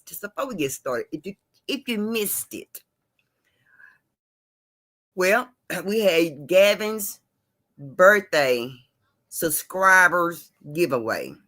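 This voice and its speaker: A woman's voice: lowish voice, pushed and bright. A woman hosting a casual live stream, chatting with her viewers, greeting them by name and repeating herself as she talks. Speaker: livestream host.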